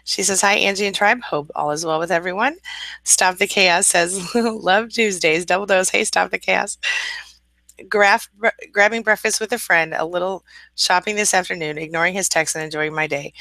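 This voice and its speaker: A woman's voice: fairly low pitch, moderate pace, pushed and bright, no room sound. A middle-aged woman hosting a live-stream chat as a relationship coach, greeting viewers by name and reading comments aloud in a chatty way.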